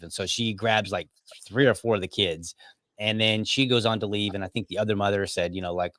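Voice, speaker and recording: A man's voice: on the low side, steady tone, fast talker, a bit bright, dry recording. A man hosting a podcast, telling a story casually with many restarts and asides. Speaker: podcast host.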